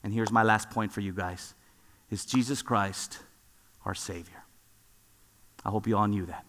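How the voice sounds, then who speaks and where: A man's voice: on the low side, fairly even intonation, a little slow, a bit bright. A man preaching a sermon, retelling scripture stories with rising fervor. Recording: long reverb with music behind.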